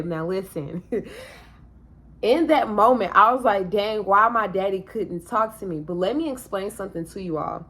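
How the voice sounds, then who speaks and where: A woman's voice: mid-range voice, a bit bright. A mother speaking candidly to her viewers about her past, talking directly to them in a casual, plainspoken way. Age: adult parent. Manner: earnest, addresses viewers directly as y'all. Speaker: vlogger sharing a personal testimony. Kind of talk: candid personal storytelling.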